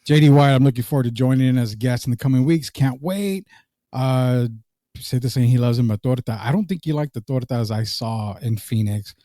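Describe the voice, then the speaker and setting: A relaxed man co-hosts a sports talk show in a loose, joking way. He reads viewer comments aloud between takes on the league. The sound is dry and close, with no room around it. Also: medium pitch, a little fast, no echo. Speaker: podcast co-host. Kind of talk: casual sports podcast chat.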